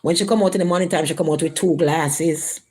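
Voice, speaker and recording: Low-voiced woman telling a story. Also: brisk, slightly rough. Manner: animated, acts out quoted voices, rising pitch for quotes. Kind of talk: casual storytelling vlog.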